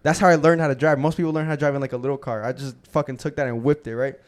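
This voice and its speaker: A young man hosting a podcast, telling a profane, animated story and acting out the quotes in casual chat. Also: mid-range voice, racing. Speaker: podcast host.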